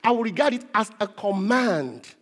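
A man preaching a sermon with a high voice that swoops up and down with energy. He presses hard on key words and repeats them for emphasis. His voice rings out with a long reverb in a large hall. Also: sing-song, normal speed. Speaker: pastor.

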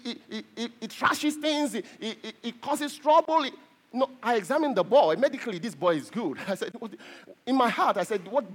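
A middle-aged man, a pastor, preaching a sermon in a halting way, repeating words and laughing often. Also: very high voice, breathy edge. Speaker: pastor and doctor.

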